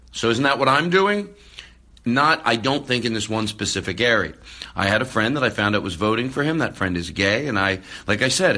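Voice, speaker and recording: Podcast guy rambling into a phone, bright sharp tone, keeps restarting sentences. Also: mid-range voice. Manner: excitable, rambling with many restarts. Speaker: podcast host. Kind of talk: casual podcast talk. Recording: phone recording, far from the mic.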